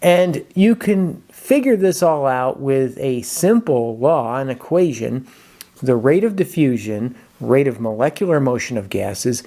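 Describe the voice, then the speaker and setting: A squeaky, helium-pitched teacher , as a man talks after breathing from a balloon. The tone is playful and chatty while he explains gas science. The pitch rides at an ordinary level for the squeaky voice. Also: animated, a little slow, dark tone. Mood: explaining. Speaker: chemistry teacher. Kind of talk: jokey lesson intro.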